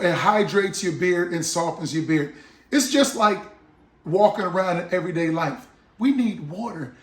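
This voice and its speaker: High-voiced chatty man, echoey room. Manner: chatty, jokey, acts out little scenes. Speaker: vlogger selling his own beard oil. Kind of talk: casual product talk to camera.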